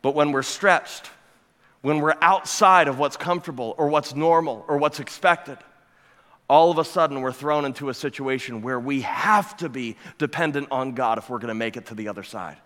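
A man's voice: medium pitch, normal speed, a bit bright. A man preaching a sermon as a pastor, emphatic, building his points with repeated phrases and rhetorical questions to the congregation. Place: church sanctuary. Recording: long hall reverb.

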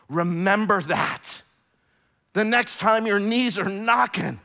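A man preaching a sermon, emphatic and repetitive, swinging from hushed tones to shouting. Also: sits high, slow. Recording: long hall reverb.

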